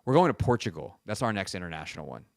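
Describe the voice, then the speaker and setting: A man's voice: sits low, big pitch swings, fast talker, creaky, dry recording. Rambling man hosting sports radio, dry studio. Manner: rambling, self-mocking storytelling. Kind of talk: casual radio chat. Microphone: studio microphone.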